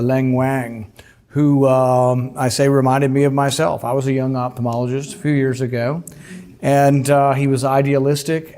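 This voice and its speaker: A man speaks about his own book in a deliberate, emphatic manner, pausing on "uh" fillers. His voice sits at an ordinary middle pitch for a man. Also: warm tone. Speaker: author discussing his book.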